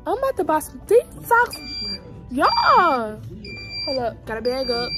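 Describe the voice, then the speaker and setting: A woman's voice: high voice, huge pitch swings, measured pace, over loud music. A young woman, vlogging casually in a big store, giggly and nervous as she talks to her viewers. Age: young adult. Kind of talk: casual vlog chat.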